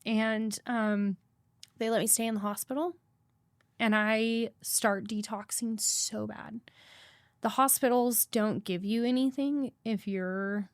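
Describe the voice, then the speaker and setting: A woman's voice: fairly high pitch, steady tone, takes it slowly, dry recording. Blunt, swearing woman telling her story. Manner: blunt, swears freely, emphatic repetition. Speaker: podcast guest. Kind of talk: candid personal storytelling.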